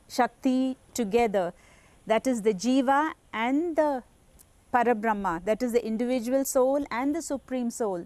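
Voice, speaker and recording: A woman's voice: on the high side, a little mellow, no room sound. Earnest woman, spiritual teacher, dry sound. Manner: earnest, explanatory, reverent. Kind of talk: devotional teaching talk.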